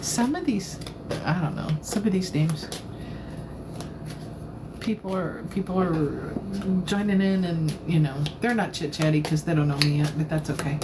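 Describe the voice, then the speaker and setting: A woman's voice: low voice, moderate pace, noisy background. A woman tarot reader chatting casually on a live stream, playful and giggly, rambling as she talks into a phone.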